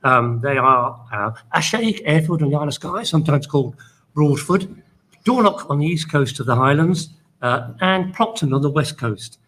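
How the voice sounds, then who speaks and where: Male news presenter, husky, measured and explanatory. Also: on the high side, animated, a bit bright, rough recording. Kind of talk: casual news summary.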